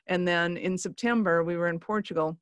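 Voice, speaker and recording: A woman's voice: fairly low pitch, fairly even intonation, a little fast, clean tone, no echo. A woman from Canada, a guest in a casual chat, who is upbeat and laughs often.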